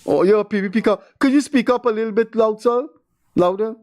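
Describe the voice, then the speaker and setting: Hosting a call-in show, an older Guyanese-accented man rambles through exasperated commentary. He speaks fairly quickly in a high voice with a darkish tone.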